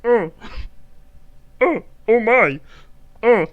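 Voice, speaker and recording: A man doing a parody impression of a male professor climaxing, with high moans and shouts. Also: animated, drawn-out words, phone-quality sound, heavily acted. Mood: ecstatic. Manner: high moaning, shouted gasps.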